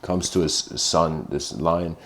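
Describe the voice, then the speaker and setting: A man giving a meandering, livestreamed philosophical lecture, often clearing his throat as he tells a story. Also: very deep voice, slow.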